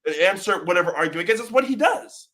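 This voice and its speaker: A man's voice: high-pitched, expressive, fast talker, sharp tone. A man chatting casually as a podcast guest, rambling and stammering with many repeated words while telling stories. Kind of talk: casual chat.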